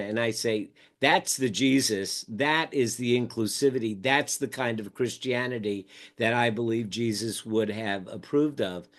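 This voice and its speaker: An older man telling stories in a relaxed interview, acting out quoted conversations as he goes. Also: mid-range voice. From United States. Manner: animated storyteller acting out quoted dialogue. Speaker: podcast guest, mindfulness teacher. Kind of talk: casual storytelling interview.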